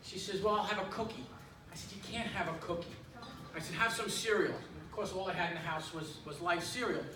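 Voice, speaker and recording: Man, stand-up comedian, fairly high voice, chatty storytelling, distant mic, roomy club, crowd noise behind. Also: fairly quick. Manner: conversational storytelling with lots of filler words. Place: club stage with an audience. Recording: echoey room, distant mic, audience noise. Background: audience laughter.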